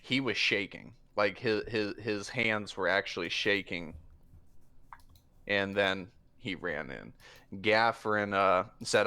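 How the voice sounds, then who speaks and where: Bright-voiced man running a tabletop game. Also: fairly low pitch, clean tone. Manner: halting, filler-heavy narration with quick voiced asides. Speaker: game master.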